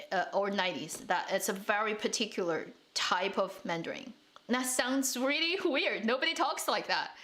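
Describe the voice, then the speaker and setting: A woman's voice: mid-range voice, fairly bright tone. Chatty woman hosting a live stream. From China. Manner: chatty, laughs often, many restarts. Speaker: drama channel host. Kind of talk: casual live-stream chat reading comments.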